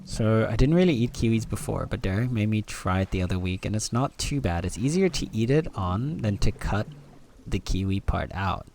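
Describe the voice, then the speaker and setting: A man's voice: on the low side, expressive, normal speed, a little mellow, slight background noise. A man streaming a game and chatting casually with his audience, playful and teasing, laughing often. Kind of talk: casual live-stream chat.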